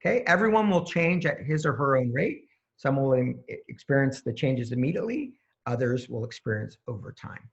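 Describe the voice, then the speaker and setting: A man's voice: medium pitch, expressive, moderate pace, gravelly. A man, a holistic energy practitioner, explaining his method step by step as an interview guest and acting out exchanges with clients. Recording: dull lo-fi sound.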